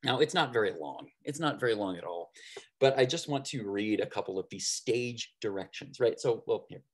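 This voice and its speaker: A man lecturing on theater in a conversational way, often checking in with "right?" and pausing on fillers. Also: lowish voice, expressive.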